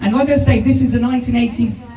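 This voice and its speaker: Swearing comedian, dark and distant. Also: male voice, extremely high pitch, steady tone, fast. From United Kingdom. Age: 50s. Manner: rambling, profane storytelling. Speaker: stand-up comedian. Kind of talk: live stand-up comedy. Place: small comedy venue with audience. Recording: distant, echoey live room.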